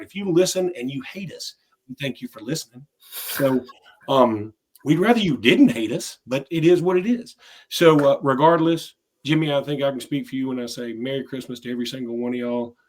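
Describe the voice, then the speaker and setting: Male podcast co-host, middle pitch, loose and rambling storyteller who restarts a lot. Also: brisk, a little mellow. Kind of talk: casual sports podcast chat.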